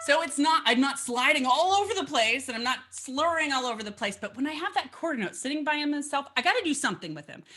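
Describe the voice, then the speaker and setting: A woman's voice: high voice, bright, forceful tone. A woman teaching fiddle in a casual online lesson, bubbly and chatty with playful asides, heard over a video call.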